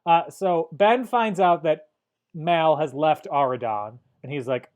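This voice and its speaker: A young man co-hosting a podcast, recapping a movie plot in casual chat with dry, deadpan jokes. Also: fairly high pitch, a little slow. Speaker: podcast co-host.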